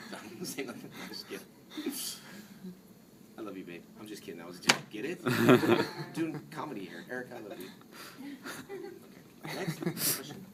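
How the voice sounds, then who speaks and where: A man's voice: medium pitch, very animated, measured pace, long pauses. A man in his forties, a guest at a convention panel, telling loose joking anecdotes packed with "like" and "dude". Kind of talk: casual storytelling Q&A. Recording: distant mic in noisy convention hall.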